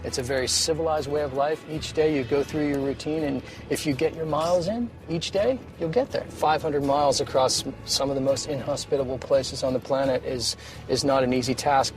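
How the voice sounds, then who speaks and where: A man guiding and coaching a rider outdoors on a beach, talking in a relaxed, encouraging way with small restarts. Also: medium pitch, brisk, over music. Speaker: polar expedition guide. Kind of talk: casual coaching on location.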